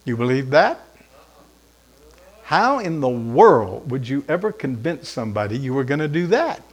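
A man preaching an Easter sermon, emphatic and direct, asking rhetorical questions and pausing for effect. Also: medium pitch, sing-song, husky. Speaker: pastor.

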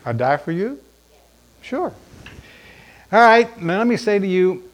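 A man preaching an Easter sermon, emphatic and direct, asking rhetorical questions and pausing for effect. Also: high-pitched, sing-song. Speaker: pastor.

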